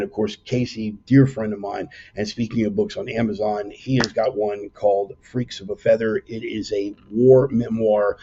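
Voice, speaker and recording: Guy rambling into his laptop at a dining table, husky, kinda raspy, lo-fi sound. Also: fairly low pitch, darkish tone. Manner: rambling, self-correcting, brash asides. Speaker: podcast host. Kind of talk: casual livestream commentary. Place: dining room in a private home.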